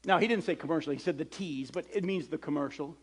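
Animated man preaching in a reverberant hall. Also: a little high, fast, breathy edge. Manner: animated storyteller acting out dialogue. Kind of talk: storytelling sermon.

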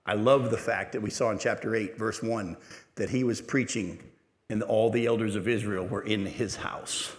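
A man's voice: lowish voice, steady tone, normal speed. A middle-aged pastor preaching a sermon in a church, telling a story earnestly and pressing his points with emphasis. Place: church sanctuary. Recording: echoey church hall.

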